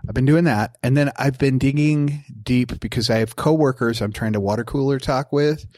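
A laid-back man from the Midwest co-hosting a podcast, easygoing, with a dry sense of humor. His voice sits at a middle pitch and is recorded close and dry. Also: moderate pace, a little mellow, no echo. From American Midwest. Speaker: podcast co-host. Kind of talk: casual podcast chat.

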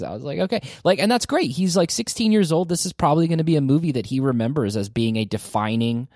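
A man in his forties hosting a casual podcast, talking about a film in an animated, rambling way. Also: a little high, quick pace, few pauses, no room sound, clean studio sound. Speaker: podcast host. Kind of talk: casual movie review chat.

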